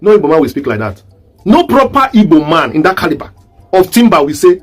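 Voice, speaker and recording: In a quick, sing-song, high voice, a political commentator from southeast Nigeria gives an online monologue over soft background music. He speaks with a Nigerian accent and leans heavily on rhetorical questions he repeats again and again.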